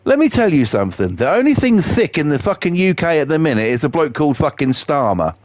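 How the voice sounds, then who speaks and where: A man's voice: on the high side, big pitch swings, quick pace, a little mellow, dry recording. A man, chatting on a live game stream in a sweary, rambling, jokey way. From England. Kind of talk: casual chat on a live stream.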